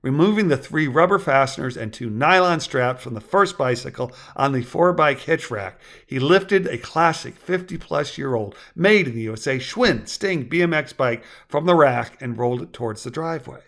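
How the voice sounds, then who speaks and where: A man narrating his own story aloud with measured, wordy storytelling. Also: mid-range voice, fairly bright tone. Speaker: author and narrator.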